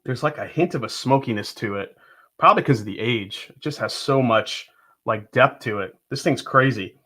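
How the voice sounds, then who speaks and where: In a pushed, bright voice of medium pitch and normal speed, a man hosts a laid-back livestream. He greets his viewers by name and talks through his impressions as he tastes.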